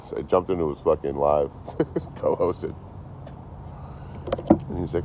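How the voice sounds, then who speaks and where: A man's voice: deep voice, sing-song, measured pace, noisy background. A man from Detroit rambling casually and swearing a lot on an outdoor livestream, talking into his phone. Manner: rambling, heavily profane. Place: outdoors, by a road.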